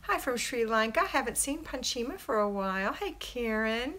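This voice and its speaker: A woman's voice: on the high side, expressive, normal speed, bright, forceful tone. A middle-aged American woman hosting a casual home livestream, greeting viewers by name and giving homemaking advice in a chatty, upbeat way. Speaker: homemaking coach and livestream host.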